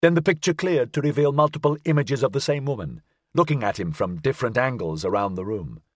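A man narrating an audiobook in an expressive, measured way. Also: mid-range voice, no echo, studio quality. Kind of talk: scripted narration.

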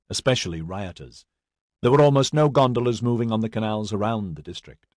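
A man giving a scripted audiobook narration in a steady, even storytelling manner. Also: fairly low pitch, no echo, studio quality.

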